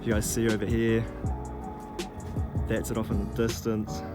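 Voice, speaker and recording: A man's voice: on the low side, completely flat delivery, a little slow. A young man telling a story to camera in a laid-back, slangy, sweary way. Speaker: vlogger. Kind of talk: casual storytelling. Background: background music.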